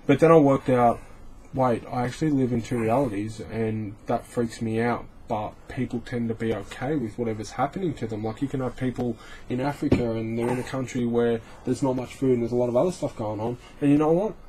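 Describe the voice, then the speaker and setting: A man's voice: mid-range voice, fairly even intonation, a little fast, dark tone, a little hiss or hum, rough recording. A man in a casual support group talk, earnestly reasoning aloud and swearing for emphasis.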